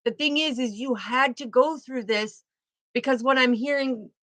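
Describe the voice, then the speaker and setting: Woman doing a spiritual tarot reading, bright fairly high voice, dry sound, keeps repeating herself for emphasis. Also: moderate pace, dry recording. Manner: emphatic, repeats key phrases. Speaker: tarot card reader.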